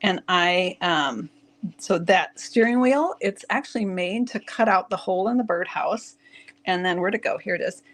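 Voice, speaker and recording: A woman's voice: on the low side, normal speed, a bit bright. Giggly woman hosting a craft tutorial. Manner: chatty, giggly, talks to viewers. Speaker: craft channel host.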